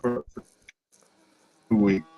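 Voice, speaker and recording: A man with a New England accent, calling in while driving, rambling and swearing in a loud, rowdy way. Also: extremely slow, faint music behind. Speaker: regular caller. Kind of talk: casual chat while driving. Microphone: phone. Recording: lo-fi phone audio.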